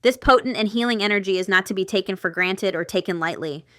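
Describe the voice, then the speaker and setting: Bright, crisp-voiced woman reading tarot. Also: mid-range voice, quick pace, no echo, clean studio sound. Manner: chatty and rambling, with asides and stifled laughter. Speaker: tarot reader. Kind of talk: casual tarot reading to camera.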